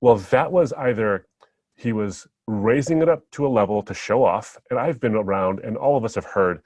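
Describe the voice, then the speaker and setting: A man speaking as a guest on a podcast, reflecting on memories and telling stories in a relaxed, anecdotal way. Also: on the low side, normal speed, dry recording. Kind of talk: podcast conversation.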